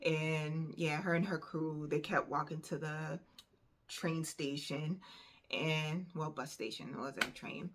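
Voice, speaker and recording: Woman vlogger, storytime, animated and chatty, low pitch, bright edge. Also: slow. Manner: animated, conversational, lots of fillers. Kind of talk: storytime vlog.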